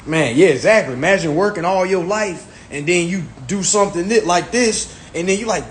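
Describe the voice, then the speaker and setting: Higher-pitched man ranting on a livestream. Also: lively intonation, normal speed, few pauses. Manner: emphatic, profane, repeats phrases often. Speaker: social media livestreamer. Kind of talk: casual livestream talk. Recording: echoey room with faint background noise.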